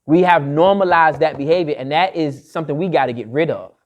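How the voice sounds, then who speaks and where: A man's voice: on the high side, a little fast, highs cut off. A man lecturing to a live audience, emphatic and repeating his key phrases like a refrain. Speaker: speaker addressing an audience.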